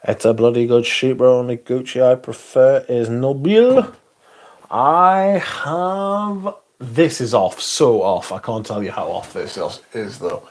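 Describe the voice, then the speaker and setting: A man's voice: mid-range voice, animated, normal speed, mellow. A man hosting a casual livestream, sweary and sardonic, reading chat aloud as he talks. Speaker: livestream host.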